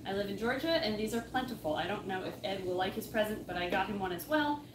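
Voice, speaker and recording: A chatty, excitable woman co-hosting a casual chat while opening fan mail. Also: medium pitch, fast, reverberant, distant mic, background noise. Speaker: co-host.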